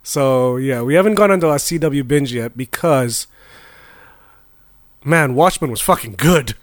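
A man's voice: medium pitch, measured pace, no room sound, clean studio sound. A man co-hosting a podcast in casual chat, wry and joking, swearing freely. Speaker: podcast co-host.

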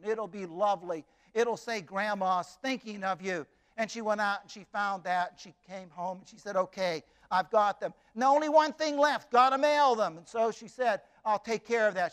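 A man with a high voice tells a story expressively. He leans on dramatic pauses and repeats phrases for emphasis.

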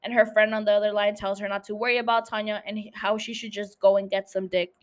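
A woman's voice: medium pitch, little pitch movement, fast talker. A woman host recapping a TV episode for her podcast. She talks in a loose, chatty way, swears freely and laughs often.

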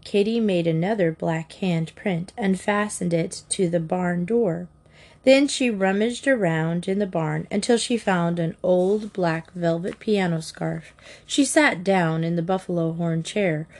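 A woman narrating a children's storybook aloud in a measured, expressive way. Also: on the low side. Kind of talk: audiobook narration.

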